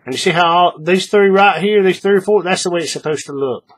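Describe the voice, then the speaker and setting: A man's voice: high-pitched, fast, fairly bright tone. A man hosting a hands-on craft tutorial, chatting in a folksy way to his viewers while he works. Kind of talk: casual hands-on craft demonstration.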